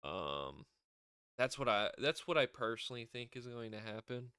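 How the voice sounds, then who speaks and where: A man's voice: mid-range voice, very animated, normal speed, sharp tone, clean tone, no room sound, clean studio sound. A man giving a rambling, casual recap as a show reviewer, often acting out quotes. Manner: rambling, acts out wrestlers' lines in raised voice.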